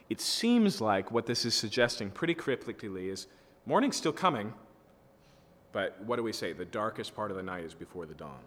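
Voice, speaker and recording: Male pastor, lowish voice, hall reverb; reads scripture and explains it plainly, keeps asking "okay?". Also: big pitch swings, brisk, fairly bright tone. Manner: conversational, often checks in with "okay?" and "right?". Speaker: pastor teaching a Bible study. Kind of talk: expository sermon with scripture reading.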